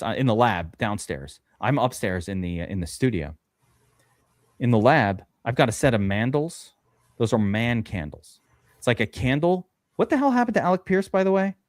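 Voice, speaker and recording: Rambling male streamer, lively pitch. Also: no room sound, studio quality. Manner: rambling and easily distracted, jumps between topics. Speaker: host. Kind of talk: casual chat on a live stream. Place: upstairs studio.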